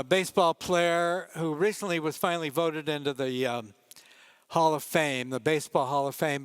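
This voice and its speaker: An older man giving a conference talk as a photojournalist, telling wry, relaxed anecdotes about his pictures with asides to the audience. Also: fairly high pitch, clean tone, no echo.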